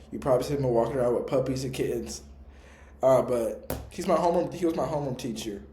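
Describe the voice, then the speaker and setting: A young adult man co-hosting a podcast, telling stories in a relaxed, slangy, reflective way. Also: mid-range voice, roomy sound. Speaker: podcast co-host. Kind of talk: casual storytelling.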